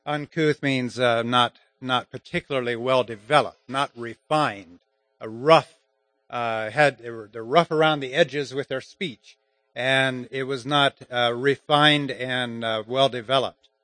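Male preacher giving a sermon, slow and halting delivery, mid-range voice, dry sound. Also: mid-range voice, steady tone, fairly bright tone, dry recording. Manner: halting, many fillers.

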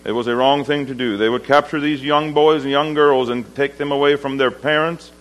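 Homespun man preaching a halting story sermon. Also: medium pitch, a bit bright, poor audio. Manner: halting and homespun, with many pauses and um's, slowing down for weight. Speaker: lay preacher. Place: livestock auction barn.

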